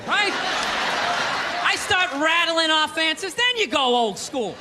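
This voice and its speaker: A man doing a sarcastic stand-up routine, ranting and shouting his punchlines to a club audience. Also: extremely high pitch, lively intonation, moderate pace. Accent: Boston. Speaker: stand-up comedian. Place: comedy club stage with live audience. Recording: live club recording with crowd laughter and noise.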